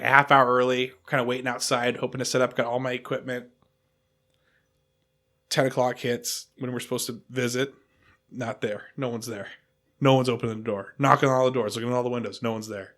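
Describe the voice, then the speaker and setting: A man hosting a podcast, telling a long story in casual chat, animated and self-deprecating, acting out what people said. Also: mid-range voice. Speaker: podcast host.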